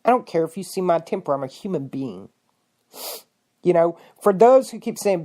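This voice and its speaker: A woman host in full rant, fiery and indignant, firing off rhetorical questions. Her pitch leaps high in outbursts and sinks low when she mutters. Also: animated, moderate pace. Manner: fiery, indignant, swings between shouting and muttering. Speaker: podcast host. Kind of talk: angry political rant.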